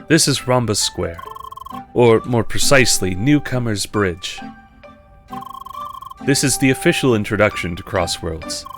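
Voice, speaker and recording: A man voicing a calm, formal male guide who gives careful instructions. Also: fairly low pitch, natural voice. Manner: measured, formal. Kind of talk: reading game dialogue in voices. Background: game music.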